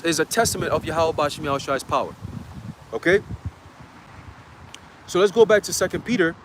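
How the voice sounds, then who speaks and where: A man's voice: high voice, noisy background. A man preaching a dramatic, slangy sermon outdoors in a city, often checking in with his listeners. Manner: emphatic, checks in with "okay?". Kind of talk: street sermon.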